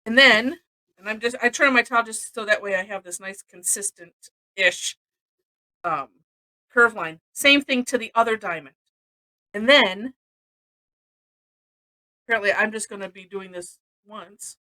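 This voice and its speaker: A woman's voice: mid-range voice, unhurried, long pauses, pushed and bright, poor audio. A woman from Missouri teaching a live-streamed drawing lesson, chatty and rambling, often laughing between steps.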